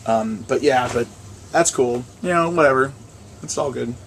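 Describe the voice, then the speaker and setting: A man's voice: medium pitch, normal speed, gravelly, a bit bright, slight background noise. A man vlogging in casual chat with a friend at home, rambling with restarts.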